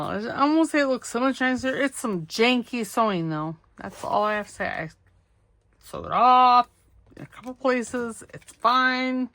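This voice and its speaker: A woman's voice: fairly high pitch, a bit bright. A middle-aged woman hosting a crafting video, chatting casually and poking fun at herself as she cuts, sews and inks. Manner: chatty, self-deprecating, talks to herself while working. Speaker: craft channel host. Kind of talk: casual crafting vlog talk.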